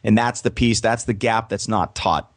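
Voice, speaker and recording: A man speaking as a guest on a sports podcast, talking in a measured way and spelling out his website slowly. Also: fairly low pitch. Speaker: guest, press box announcer and career coach. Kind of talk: podcast interview.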